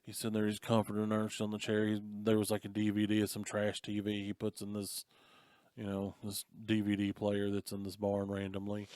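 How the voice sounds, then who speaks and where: A man with a lowish voice walks through a movie's story on a casual podcast, getting animated as he goes. The recording is dry and close, with no room sound around him. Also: brisk, dry recording. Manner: animated retelling of a movie plot, slips into voices of characters. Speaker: podcast co-host. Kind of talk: casual chat.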